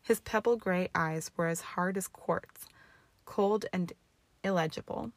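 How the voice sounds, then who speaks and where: A woman reads a story aloud in a steady, measured way, her voice set a little low. The sound is dry and close, with no echo. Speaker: audiobook reader. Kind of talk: reading fan fiction aloud.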